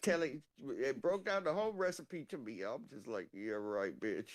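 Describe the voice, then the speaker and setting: A woman co-hosting a casual chat, telling animated, profane stories and laughing through them. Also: deep voice, normal speed.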